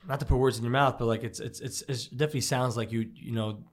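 A man's voice: mid-range voice, steady tone. Guy hosting a podcast, easygoing, lots of yeah and right, asks questions casually. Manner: encouraging, quick short reactions. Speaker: podcast host. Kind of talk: casual interview chat.

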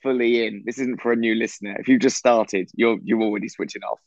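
A man's voice: on the low side, fairly even intonation, fast talker, gravelly, no room sound, highs cut off. A man co-hosting a podcast from a hotel room, rambling and laughing often. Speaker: podcast co-host. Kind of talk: casual chat over a video call. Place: echoey hotel room, on a bed.

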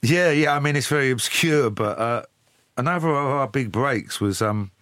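A man's voice: mid-range voice, lively intonation, normal speed, fairly bright tone, no room sound, clean studio sound. A man, a singer telling anecdotes in an interview. He talks in a chatty way and laughs as he tells his stories. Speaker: guest, singer. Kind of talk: storytelling interview.

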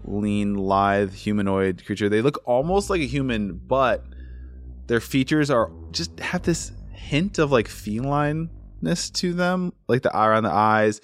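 A man narrating a tabletop role-playing game as game master, describing scenes loosely with fillers. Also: on the low side.

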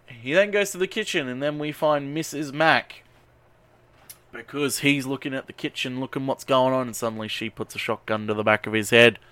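Animated man recapping a film, dry sound. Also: mid-range voice, moderate pace, no echo. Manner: animated, swears freely, rambling asides. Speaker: podcast co-host recapping a film. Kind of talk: casual chat.

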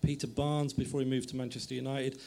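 A man's voice: mid-range voice, little pitch movement, fast, gravelly, darkish tone. A middle-aged man, an author guest, telling anecdotes in a meandering way, often stopping to correct himself. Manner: meandering, self-correcting storytelling. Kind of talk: anecdotal conversation.

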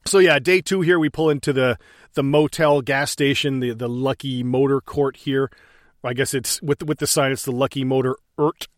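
A man's voice: mid-range voice, steady tone, moderate pace, dry recording, studio quality. A man co-hosting a casual movie podcast, laughing often and swearing as he retells and acts out scenes. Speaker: podcast co-host. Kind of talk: casual movie commentary chat.

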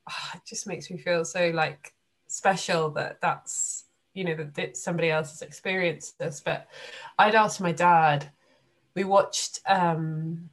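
Low-voiced chatty woman host. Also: steady tone, unhurried. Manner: chatty, heartfelt, lots of "like". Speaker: podcast host. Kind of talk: casual chat.

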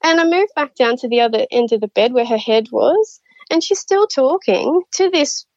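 A woman, a nurse, chatting as a guest and telling her stories in a lively way, laughing often and acting out what people said. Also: high-pitched, normal speed, no echo. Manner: animated, laughs often, acts out quotes. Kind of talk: casual storytelling chat. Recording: slightly dull lo-fi audio.

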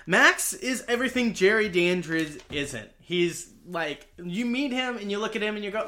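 A man's voice: high voice, expressive, moderate pace, pushed and bright. A man co-hosting a casual podcast, retelling a movie plot with wry offhand asides. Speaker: podcast co-host.

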